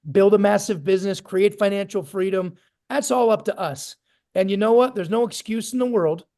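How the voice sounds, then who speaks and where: A man's voice: high voice, darkish tone. A man giving an emphatic motivational talk to his business team over a video call. He uses punchy phrases and stacks lists for effect.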